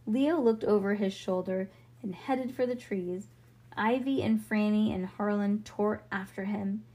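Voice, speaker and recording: A woman's voice: mid-range voice, unhurried, mellow, husky. A woman reading a children's book aloud in a casual way, with slips and self-corrections. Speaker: storybook reader.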